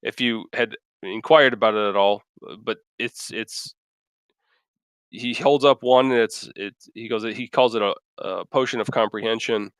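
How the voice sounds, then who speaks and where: Smooth-voiced man running a tabletop game. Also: on the low side, fairly bright tone, no echo. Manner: halting, filler-heavy narration. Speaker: dungeon master.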